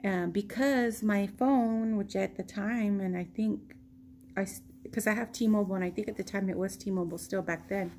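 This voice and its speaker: Vlogger woman, stuffy nose, mellow tone, slow rambling delivery, faint hum behind. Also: medium pitch, fairly even intonation. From United States. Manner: slow, rambling, laughs often. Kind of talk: casual storytelling.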